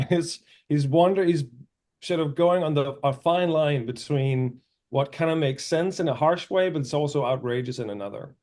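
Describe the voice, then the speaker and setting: A man's voice: on the high side, normal speed, darkish tone. A man who grew up in Denmark, an actor chatting casually and animatedly on a video call interview. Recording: remote video call audio.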